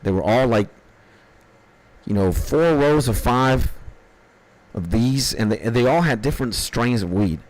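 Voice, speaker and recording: A man's voice: medium pitch, expressive, unhurried, pauses often, darkish tone. A man on a stream, telling a rambling, profane anecdote with bursts of laughter in casual storytelling.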